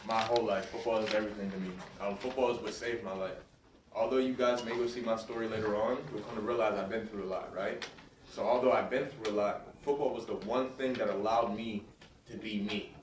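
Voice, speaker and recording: A man's voice: fairly low pitch, fairly even intonation, fairly quick. A man giving a motivational talk to students in a school hall. He speaks with energy and keeps checking in with his audience. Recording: roomy and distant, faint noise.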